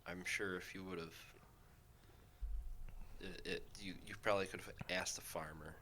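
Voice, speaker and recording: A man co-hosting a podcast in a casual chat, relaxed and chatty, tossing in short reactions. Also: low voice, a little slow, a little hiss or hum. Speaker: podcast co-host, firefighter.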